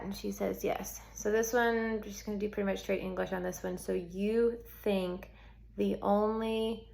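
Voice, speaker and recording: A woman's voice: medium pitch, gravelly. A woman teaching sign language for a script, explaining each sign in a chatty way with lots of "like" and "um". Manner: chatty, full of "like" and "um", thinks aloud. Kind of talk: casual instruction explaining signs for a script.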